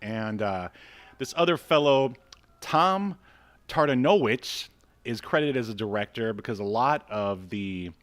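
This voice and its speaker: A man's voice: mid-range voice, lively intonation, measured pace. A man hosting a casual podcast, rambling with many fillers and laughing often as he reads credits aloud. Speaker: podcast host.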